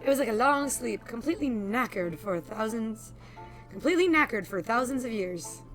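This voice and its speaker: A woman's voice: fairly high pitch, animated, normal speed, a bit bright, soft background music. A woman reading as a courteous undead archivist. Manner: courteous, old-fashioned phrasing. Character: ancient polite undead male archivist.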